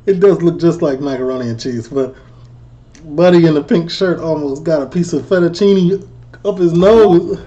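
A man's voice: a little high, normal speed, mellow, dull audio. A man from Chicago giving joking, slangy commentary as he reacts to video clips. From Chicago, USA. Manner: slangy, joking, laughs often.

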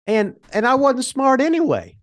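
A man's voice: extremely high pitch, huge pitch swings, moderate pace. An older man with a folksy, rambling way of telling wrestling stories as an interview guest, swearing casually. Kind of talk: rambling shoot interview storytelling.

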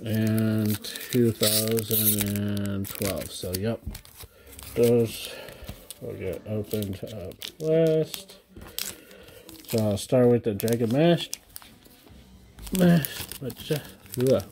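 A man in his thirties chatting casually to viewers at home as he opens trading card packs, excitable and gushing over each card. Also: fairly low pitch, drawn-out words, long pauses, background noise. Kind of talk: casual unboxing chat.

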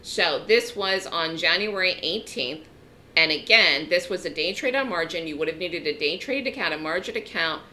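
A woman's voice: on the low side, expressive, normal speed, pushed and bright, a little hiss or hum. A woman teaching a trading lesson in an emphatic, direct way, often checking in with her listeners. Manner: emphatic, direct, frequent "okay?" check-ins. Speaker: trading educator. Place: trading room webinar.

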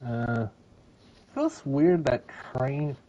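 A man's voice: mid-range voice, extremely slow, dark tone, poor audio. A man playing along on a game stream, hesitant and teasing, often trailing off mid-sentence. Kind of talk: casual gameplay chat.

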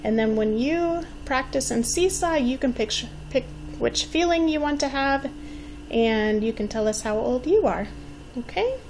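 A woman in her forties, a teacher giving a patient Spanish lesson for young children, modeling words slowly and encouraging them to repeat. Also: sits high, lively intonation, a little mellow, a little hiss or hum, rough recording. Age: 40s. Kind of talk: slow, clearly enunciated language lesson.

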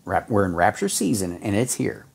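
A man preaching a fervent sermon, folksy and exhorting, with sudden jumps in pitch as he reads scripture. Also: very animated, normal speed, gravelly, darkish tone, slightly rough. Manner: folksy, says y'all and man.

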